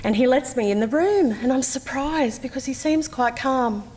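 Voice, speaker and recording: Australian woman, 40s, slightly high voice, earnest testimony, long hall reverb. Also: expressive, a little mellow. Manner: measured, earnest, with slow deliberate pauses. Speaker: conference speaker. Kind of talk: personal testimony, read aloud. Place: conference hall.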